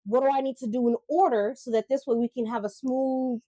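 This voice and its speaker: A woman's voice: high voice, steady tone, brisk, mellow, no echo. A woman co-hosting a casual podcast chat, talking reflectively with many restarts and checking in with "right?". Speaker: podcast co-host.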